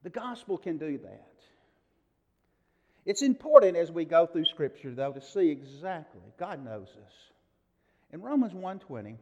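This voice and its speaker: A man in middle age delivers a sermon with a somewhat high voice. He tells his story earnestly, his volume rising and falling. The sound is muffled and lo-fi, with a long reverb from a large hall. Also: big pitch swings, a little slow. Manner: earnest storytelling, with swings in loudness. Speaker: preacher.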